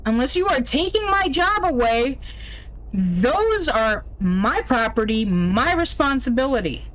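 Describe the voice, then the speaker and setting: A woman's voice: high voice, very animated, a little slow, fairly bright tone. A woman streaming a video game, commenting casually in a blunt, opinionated way with plenty of swearing.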